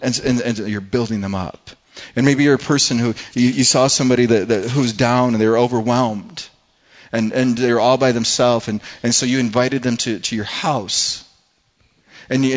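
A man's voice: mid-range voice, muffled recording. A man preaching a sermon as pastor in a church, earnest and often repeating his words as he restarts. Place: church hall with congregation.

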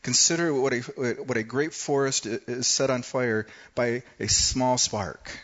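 A man preaching a sermon, telling a personal story in a conversational way with dramatic pauses. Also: mid-range voice, fairly bright tone, muffled recording. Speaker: pastor.

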